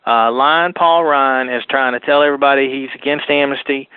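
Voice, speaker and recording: A man's voice: mid-range voice, steady tone, normal speed, smooth, dry recording. Insistent man on a tinny phone line. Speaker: political activist guest. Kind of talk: political talk radio interview.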